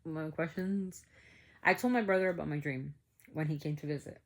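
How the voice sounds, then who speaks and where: Brief: woman vlogger with a low voice, chatty animated storyteller, lots of fillers. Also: moderate pace. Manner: animated, acts out quoted dialogue, many "like" fillers. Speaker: family vlogger telling a story. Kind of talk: casual storytelling to viewers.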